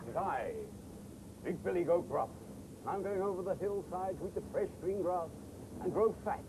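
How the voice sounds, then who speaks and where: A man's voice: sits high, normal speed, background noise, voice pushed up. A man voicing a big, bold billy goat in a children's TV story, proud and declaiming.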